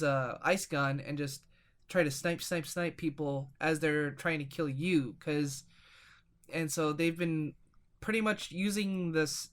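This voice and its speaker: A man's voice: a little high, a bit bright. A man co-hosting a casual gaming podcast, telling long rambling stories with lots of fillers and restarts. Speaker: podcast co-host.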